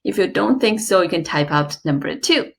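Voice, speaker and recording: A woman teaching an online lesson, slow and clear, with playful examples. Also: fairly low pitch, animated. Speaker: Chinese teacher.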